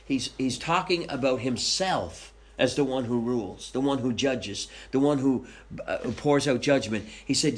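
A man's voice: mid-range voice, unhurried. Man teaching a Bible study. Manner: reads scripture aloud, then explains it conversationally, asking the group questions.

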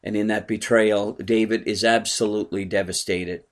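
A man's voice: fairly low pitch, fairly even intonation, moderate pace. A man, a pastor, giving a conversational bible study sermon and asking his small congregation questions.

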